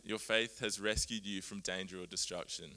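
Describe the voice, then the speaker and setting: Bright, clear-voiced male preacher. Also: deep voice, moderate pace. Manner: earnest, animated, laughs at himself. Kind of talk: sermon.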